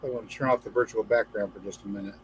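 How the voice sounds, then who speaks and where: Speaking very fast in a fairly low, steady voice, a man hosts a casual livestream for gardeners. He chats, reads out viewer comments, and tells jokes featuring a few put-on voices, over a low-quality recording with a little hiss or hum.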